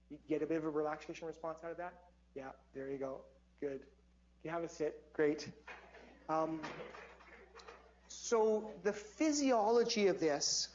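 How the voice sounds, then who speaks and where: A man lecturing a class and guiding them through stress-relief exercises in an energetic, coaching manner. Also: a little high. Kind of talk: interactive stress-relief lesson. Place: lecture hall. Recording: dull lo-fi audio with faint hum.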